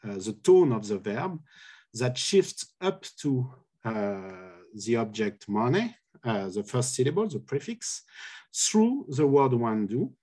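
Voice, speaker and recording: A man giving a conference lecture on linguistics over a video call. He speaks slowly and haltingly, filling the gaps with "uh" as he walks through each example, at a middle pitch. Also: very animated, warm tone. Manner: halting, many filler "uh"s, careful explanation. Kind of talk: academic conference talk.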